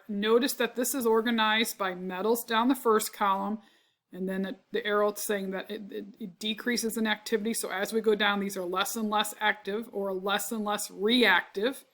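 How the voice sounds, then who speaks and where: A congested woman who clears her throat a lot, teaching chemistry in a recorded lecture. She explains step by step, often checks with "right?" and corrects her own slips. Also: mid-range voice, steady tone, moderate pace, bright, forceful tone.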